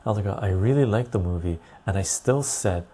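A man's voice: fairly low pitch, fairly quick, mellow, breathy edge. A man hosting a casual livestream, reading chat aloud and rambling loosely. He sounds tired and laughs easily.

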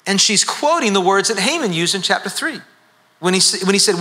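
Pastor, man, bright slightly high voice, earnest sermon, long hall reverb. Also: expressive, fairly quick. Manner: earnest, repeats words when stressing a point.

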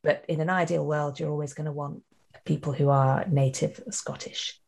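A woman's voice: low voice, fairly even intonation, moderate pace, gravelly, a little mellow. A woman audio drama director chatting in an interview, laughing often and restarting her sentences. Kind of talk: casual interview chat.

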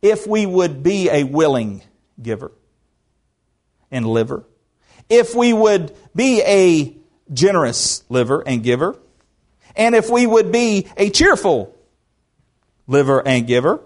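A man's voice: fairly high pitch, very animated, takes it slowly, pauses often. A male pastor preaching a sermon in a church, folksy and joking, often restarting his words. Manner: folksy, joking asides, repeats words when starting.

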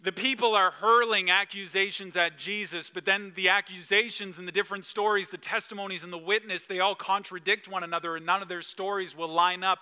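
A male pastor with a very bright, somewhat high voice, preaching a sermon. He retells the story vividly, acting out the quoted lines, then sinks to a near whisper at solemn moments. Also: fairly even intonation, a little fast, hardly any pauses, clean tone.

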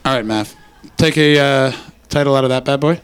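A man's voice: mid-range voice, normal speed. A man from Canada doing profane, teasing crowd work as a stand-up comedian on a club stage. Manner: crude, teasing, profane banter.

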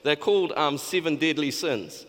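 A man with a high, bright voice preaches a casual, conversational sermon, often stumbling and restarting his sentences. He sounds lively and sharp, and his words echo with a long reverb through a church hall. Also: normal speed. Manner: conversational, with many restarts and acted-out quotes. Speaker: pastor.

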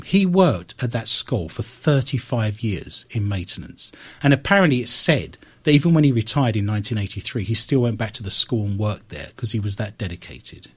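A man's voice: lowish voice, breathy edge. A man hosting a radio talk show, telling stories and reading the news with wry asides. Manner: animated storyteller with wry asides.

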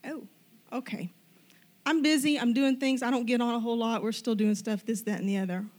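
A middle-aged woman telling a personal faith story, animated and self-deprecating, acting out the lines of the people in it. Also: on the high side, fast. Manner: animated, self-deprecating, acts out quoted dialogue.

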